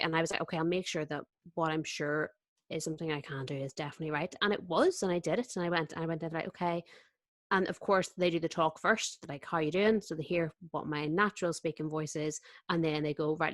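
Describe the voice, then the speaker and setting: Low-voiced woman telling a lively story. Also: no room sound. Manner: lively storyteller, acts out her own inner voice. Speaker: actor, podcast guest. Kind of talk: casual chat.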